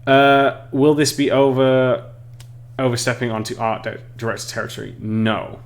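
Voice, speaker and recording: A man's voice: medium pitch, little pitch movement, normal speed. English man, streamer and tutor, rambling friendly delivery, keyboard typing behind. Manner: chatty, reads chat aloud, frequent restarts and laughs. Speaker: streamer teaching level design. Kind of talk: casual live-stream tutorial.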